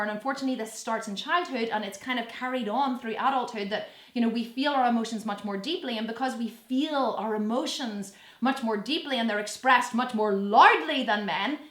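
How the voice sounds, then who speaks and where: A woman's voice: a little high, fairly bright tone, echoey room. A woman in her thirties chatting bluntly and sassily to camera, swearing freely and mimicking people in playful voices. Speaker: fitness vlogger answering viewer questions. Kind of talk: casual direct-to-camera chat.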